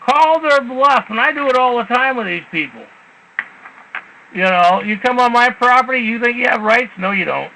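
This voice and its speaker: High, bright-voiced blunt male host. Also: normal speed, gravelly, slight background noise, low-quality recording. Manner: blunt, profane, animated storytelling. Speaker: show host. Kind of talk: call-in talk show chat.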